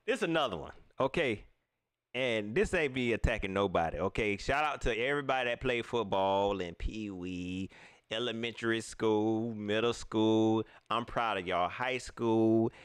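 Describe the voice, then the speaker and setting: A man hosting a casual sports talk livestream, ranting at viewers in an animated way and laughing often. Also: mid-range voice, clean tone. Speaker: sports talk show host.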